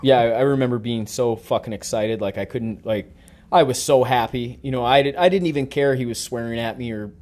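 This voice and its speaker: A man's voice: mid-range voice, fairly quick. A middle-aged man hosting a podcast, telling a story casually with lots of swearing and acting out the dialogue. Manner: profane, animated storyteller who acts out quoted dialogue. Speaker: podcast host.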